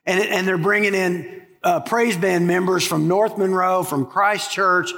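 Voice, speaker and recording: High-voiced pastor, gravelly, in a reverberant hall. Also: male voice, unhurried. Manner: animated, rhetorical questions. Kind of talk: sermon. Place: church sanctuary.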